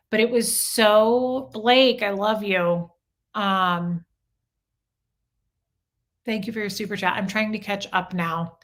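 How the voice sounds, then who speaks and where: A woman's voice: medium pitch, fairly bright tone. A woman from Omaha hosting a casual livestream, reading viewer comments aloud and answering them in a candid, confessional way, swearing freely. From Omaha, United States. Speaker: livestream host.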